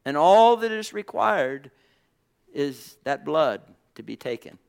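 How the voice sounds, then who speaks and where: A man's voice: a little high, very animated, takes it slowly, gravelly, smooth, exaggerated voice. A man preaching, voicing God in an emphatic, proclaiming tone. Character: God speaking, a proclaiming divine voice.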